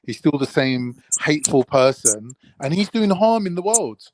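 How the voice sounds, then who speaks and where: A man's voice: on the high side, very animated, normal speed, a little mellow, no echo, low-quality recording. A man giving blunt, dismissive opinions in a casual debate. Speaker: podcast co-host reacting.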